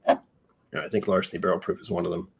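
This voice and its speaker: A man's voice: deep voice, steady tone, brisk, creaky. A man hosting a casual whiskey livestream, rambling and joking at his own expense. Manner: rambling, self-mocking, jokey. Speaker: live streamer.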